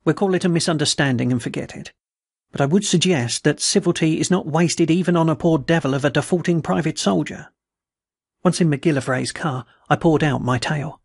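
A man hosting a podcast, reading adventure and dark stories aloud in a measured, steady way. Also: on the high side, gravelly, husky, no echo, clean studio sound. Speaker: podcast story reader.

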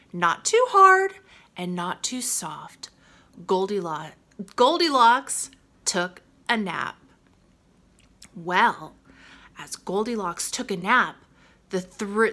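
Animated woman reading a kids' story. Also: a little high. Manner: expressive, exaggerated, slow. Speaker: children's storyteller. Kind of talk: children's storytime read-aloud.

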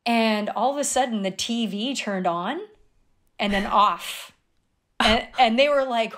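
A middle-aged woman, a guest on an interview show, telling a personal story in an animated way, her voice jumping high at surprising moments. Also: unhurried. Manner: animated retelling with sudden high exclamations. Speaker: guest, dream guide.

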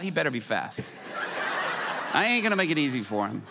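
Animated man preaching in a reverberant church. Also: high-pitched, quick pace, a little hiss or hum. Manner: animated, acts out the people in his story. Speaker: pastor. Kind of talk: sermon storytelling. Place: large church hall.

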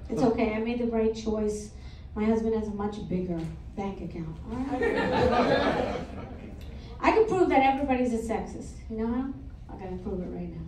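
A middle-aged woman performing a stand-up comedy set in a comedy club, crude and deadpan, working the crowd between punchlines. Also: on the high side, moderate pace, pauses often, background noise. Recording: echoey club audio from far off with loud crowd.

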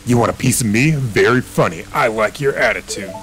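A man's voice: mid-range voice, brisk, a bit bright, soft background music, close to an everyday voice, poor audio. A man reading an arrogant villain king. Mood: taunting. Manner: reads game text aloud in his own plain voice. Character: arrogant male villain king, taunting a child.

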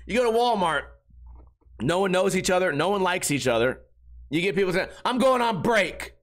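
A man's voice: high-pitched, animated, a little fast. A man hosting a solo podcast, telling rambling everyday stories with lots of swearing and acting out the people he quotes. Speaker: podcast host. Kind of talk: casual solo storytelling monologue.

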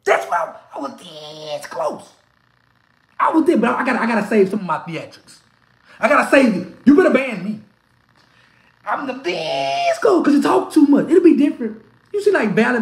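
Brief: excitable, heckling sports fan gone hoarse; pitch leaps all over, echoey room. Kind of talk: trash-talking reaction rant.

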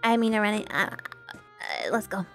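A woman streaming a video game in casual chat, excitable and giggly, talking freely with her viewers. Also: mid-range voice, normal speed, soft background music.

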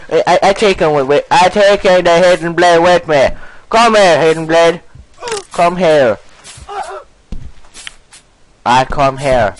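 A young man doing casual let's play commentary, goofy and excitable, often breaking into silly singing and swearing. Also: on the high side, slow pace, long pauses, a little hiss or hum, rough recording. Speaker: gameplay commentator.

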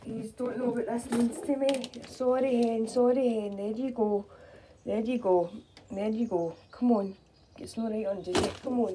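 A woman chatting casually in a home vlog as she checks her pigeons' eggs, cooing gently to the birds. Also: on the high side, steady tone, normal speed, a little hiss or hum. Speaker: pigeon keeper.

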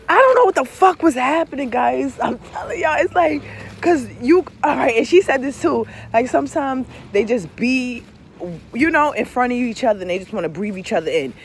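A young adult woman vlogging, telling a candid story in casual talk, swearing freely and laughing, her pitch jumping up high and dropping low. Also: a little hiss or hum.

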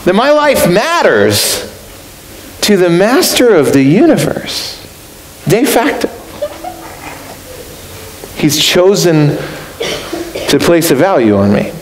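A man preaching a sermon as pastor, earnest and reflective, lifting his voice high for emphasis. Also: wildly swooping pitch, slow, long pauses. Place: church sanctuary. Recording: roomy echo with faint hiss.

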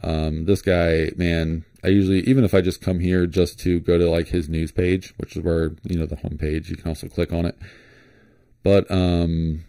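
Man, low voice, mellow, rambling casual commentary, dry close sound. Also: moderate pace, vocal fry, no echo. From Florida. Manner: rambling, relaxed, thinks aloud with many fillers and restarts. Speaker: flashlight vlogger. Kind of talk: casual screen-share commentary.

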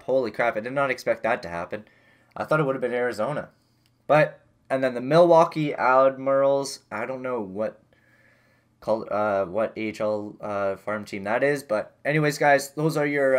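A young man casually commentating his own video game season, getting loud when excited and muttering when disappointed. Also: medium pitch. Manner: excitable, swings between yelling and muttering. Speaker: gaming YouTuber.

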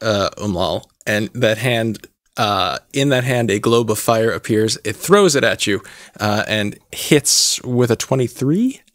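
A man narrating a tabletop game as game master, dry and deadpan, often pausing on fillers. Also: fairly low pitch, no echo.

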